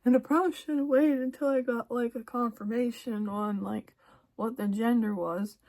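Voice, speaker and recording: A young woman vlogger chatting casually while she gets ready, rambling with many restarts and soft laughs. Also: fairly high pitch, steady tone, normal speed. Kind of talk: casual get-ready-with-me chat.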